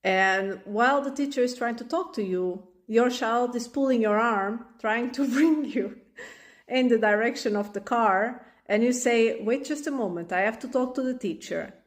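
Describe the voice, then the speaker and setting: A woman vlogging about parenting, telling an everyday story in an animated way and acting out the scenes. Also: fairly high pitch, normal speed, few pauses. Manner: animated, acts out the scenes in voices. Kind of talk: casual storytelling monologue.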